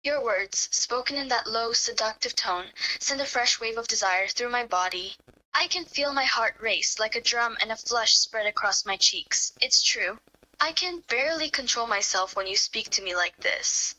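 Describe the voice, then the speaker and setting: A woman voicing a bright, smitten young woman. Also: on the high side, expressive, normal speed, rough recording. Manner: soft, breathy, quavering tone. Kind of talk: fan role-play reading, first person.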